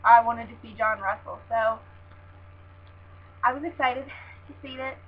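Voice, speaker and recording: Gushing high-voiced young woman. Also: unhurried, husky. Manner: gushing, chatty, full of "like" and "oh my God". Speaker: wrestling fan vlogger. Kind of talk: casual show recap. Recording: dull lo-fi sound with faint hum.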